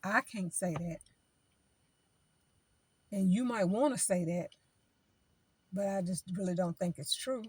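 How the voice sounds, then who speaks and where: A woman's voice: fairly low pitch, measured pace, pauses often, slightly rough, no echo. A woman giving spiritual advice in an informal, preaching way, talking in a chatty style that repeats phrases and acts out what other people say.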